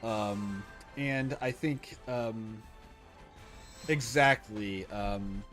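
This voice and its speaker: A man's voice: lowish voice, very slow, a bit bright, soft background music. A man streaming a game live, chatting casually with viewers, rambling and correcting himself as he goes. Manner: rambling, self-correcting, opinionated. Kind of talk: casual livestream chat.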